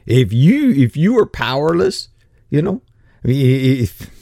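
A man's voice: mid-range voice, sing-song, unhurried, creaky, warm tone, no room sound, studio quality. A man giving casual Bible commentary in a folksy, colloquial way with frequent restarts. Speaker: Bible teacher.

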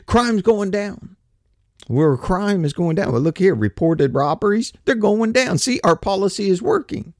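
A man's voice: sits high, lively intonation, normal speed, few pauses, no echo, clean studio sound. A man hosting a podcast, ranting in a casual, colloquial way full of slang. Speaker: podcast host.

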